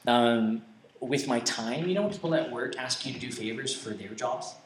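A man's voice: medium pitch, moderate pace, a little hiss or hum. A young man giving an informal sermon full of personal stories, rambling and conversational with lots of restarts and self-deprecating humor. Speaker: preacher. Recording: echoey room, distant mic, faint ambience.

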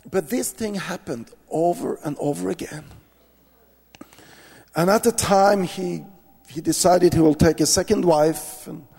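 A man's voice: sits high, creaky, a little mellow, big-room sound. A man telling an earnest missionary testimony, often stopping and restarting his sentences. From Norway. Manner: earnest storytelling with many restarts. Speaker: missionary preacher. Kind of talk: testimony in a church talk.

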